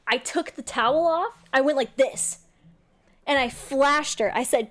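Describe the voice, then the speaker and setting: A young woman streamer telling a story to her viewers in a casual, excitable way, swearing a lot. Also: high-pitched, unhurried.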